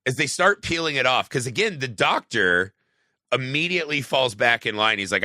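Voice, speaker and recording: A man's voice: mid-range voice, sing-song, moderate pace, bright, forceful tone, dry recording, clean studio sound. A man co-hosting a podcast, talking casually and profanely about a film, rambling with lots of "like". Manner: rambling, profane, heavy use of "like". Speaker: podcast co-host.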